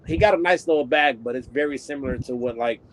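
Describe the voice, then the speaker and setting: A man's voice: mid-range voice, quick pace, background noise. Man in slangy casual podcast talk. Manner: relaxed slangy talk, many "like" fillers. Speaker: podcast co-host. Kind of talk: casual chat.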